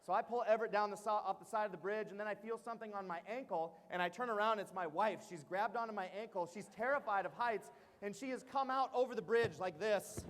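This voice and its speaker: A man in his thirties giving a storytelling presentation to teachers, animated and full of "uh" fillers and questions to the audience. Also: high-pitched, quick pace, hardly any pauses, slight background noise. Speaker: keynote speaker at teacher training. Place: large hall before an audience. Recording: long hall reverb.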